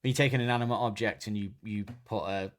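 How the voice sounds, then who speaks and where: A man's voice: on the low side, fairly even intonation, fast talker. A man co-hosting a podcast, chatting casually and rambling, often restarting sentences and searching for words. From Britain. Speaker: podcast co-host. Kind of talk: casual chat.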